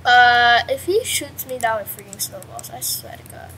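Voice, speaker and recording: A young woman casually commentating her own game at home, chatty and excitable, with sudden yelps and mild swearing. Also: fairly high pitch, moderate pace, a little hiss or hum, low-quality recording. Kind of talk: casual let's-play commentary. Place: at home with a pet dog nearby.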